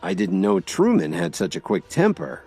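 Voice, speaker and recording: A calm, protective young man who keeps explaining himself, as a male narrator voices him. The voice is low but lively in its rise and fall. Faint music runs under the audiobook drama. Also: normal speed, vocal fry, husky, exaggerated voice. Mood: earnest.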